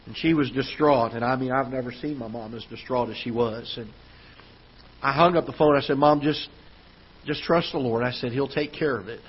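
A man's voice: mid-range voice, moderate pace, slightly rough, lo-fi sound. A man preaching a sermon as pastor, telling a story that builds into emphatic preaching. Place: church auditorium.

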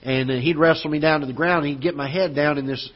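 A man's voice: a little high, fairly even intonation, quick pace, highs cut off. A man preaching a sermon as pastor in a church auditorium, speaking earnestly and conversationally with fillers and restarts. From Florida.

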